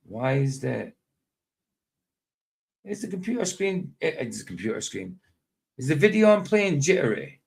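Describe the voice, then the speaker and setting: A man's voice: medium pitch, big pitch swings, moderate pace, creaky, long pauses. Rambling, chuckling male streamer. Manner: rambling, chuckling, talks to himself. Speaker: live stream host. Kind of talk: casual live-stream chat.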